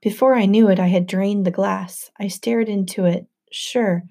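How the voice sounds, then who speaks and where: A woman narrating a novel aloud in the first person with an even storytelling delivery. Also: mid-range voice, normal speed. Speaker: audiobook narrator.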